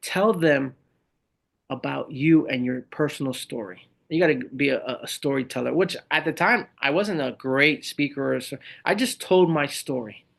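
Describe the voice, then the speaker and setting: A middle-aged man, a Marine veteran and speaker, telling his stories in an animated, conversational way as a podcast guest. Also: medium pitch, moderate pace, creaky. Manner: animated storyteller who acts out the voices of others. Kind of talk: conversational interview storytelling.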